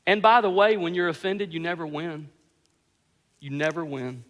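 A man preaching a sermon as pastor, telling stories with animated, self-mocking humor. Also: fairly high pitch, normal speed, in a large hall.

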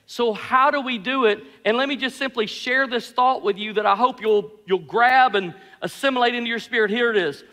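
A man preaching a sermon as pastor, telling stories with animated, self-mocking humor. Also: extremely high pitch, a little fast, few pauses, long reverb tail.

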